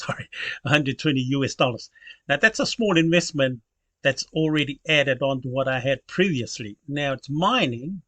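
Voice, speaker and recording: A man's voice: medium pitch, a bit bright, dry recording. A man hosting his channel, talking casually through a screen recording with many fillers and self-corrections. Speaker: channel host.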